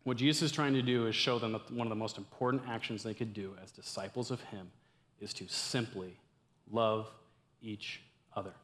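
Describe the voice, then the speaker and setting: He's a young man preaching to a campus ministry crowd, his medium-pitched voice moving a little fast. The sermon feels casual and chatty, alternating loud, excited bursts with hushed, sincere lines.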